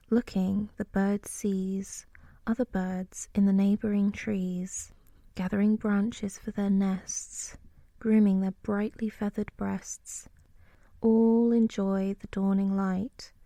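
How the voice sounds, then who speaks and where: A woman softly whispering a rhyming bedtime story in a slow, soothing way, as whispered role-play. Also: mid-range voice, dry recording. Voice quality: soft whispering. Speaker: sleep story narrator.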